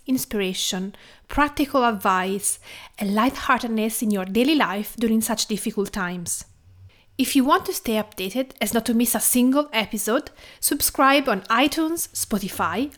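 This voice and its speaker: Higher-voiced Italian woman podcast host. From Tuscany, Italy. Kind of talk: podcast intro and casual interview chat.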